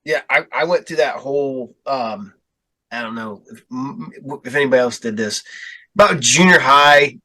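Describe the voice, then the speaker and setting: A man telling a story in casual podcast chat, acting out quotes with big jumps in pitch. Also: normal speed, bright, forceful tone. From Ohio. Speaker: podcast guest.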